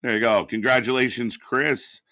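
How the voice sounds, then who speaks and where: A man co-hosts a casual live watch-along stream of wrestling, backing up his partner with short, agreeable replies and explaining the chat points contest he runs. His voice is medium-pitched and steady at a normal speed, with noise in the background.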